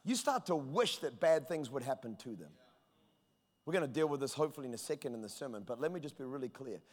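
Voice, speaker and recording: A man preaching a sermon as pastor, driving points home with emphasis and rising to shouts. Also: medium pitch, expressive, quick pace. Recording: long reverb of a large hall.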